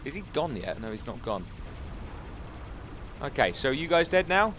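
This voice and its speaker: Excitable man narrating his gameplay. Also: medium pitch, moderate pace, noisy background. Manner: excitable, jokey, talks to his viewers and to enemies. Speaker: gaming YouTuber. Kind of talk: casual Let's Play commentary.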